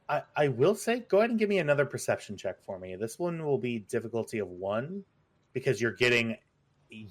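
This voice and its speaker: Hesitant man running a tabletop game. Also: medium pitch. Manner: hesitant, many fillers and restarts, laughs easily. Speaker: game master.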